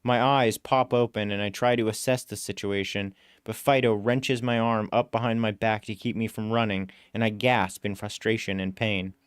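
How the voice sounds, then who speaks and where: A man narrating a first-person story aloud in a steady, matter-of-fact way. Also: lowish voice, normal speed, hardly any pauses, clear, resonant tone, no room sound, studio quality. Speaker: story reader.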